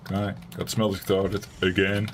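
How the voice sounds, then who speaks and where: Over a noisy background, a low-pitched man with a Dutch accent, from the Netherlands, streams a game at a moderate pace. His delivery is flat as he chats casually and rambles to his viewers between tasks.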